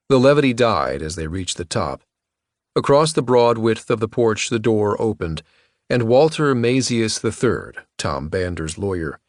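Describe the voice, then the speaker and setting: This is scripted narration from a low-voiced man narrating an audiobook, captured in a dry, studio-quality recording.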